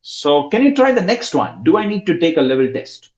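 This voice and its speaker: A man's voice: on the high side, very animated, fairly quick, darkish tone, reverberant, highs cut off. A male English teacher giving an online class, repeating prompts and coaxing his students to answer.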